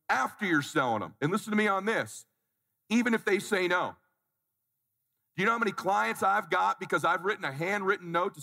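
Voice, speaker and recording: A man's voice: high-pitched, pushed and bright, big-room sound. A man in his forties giving a live motivational talk, blunt and challenging, calling on the crowd to answer him. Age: 40s. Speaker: motivational speaker. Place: conference stage before an audience.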